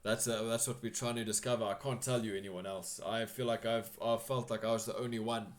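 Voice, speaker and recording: A man's voice: on the low side, little pitch movement, fairly quick, natural voice. A man voicing a worried old hermit who is shunned as crazy, speaking hesitantly and rambling gloomily. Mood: worried, gloomy.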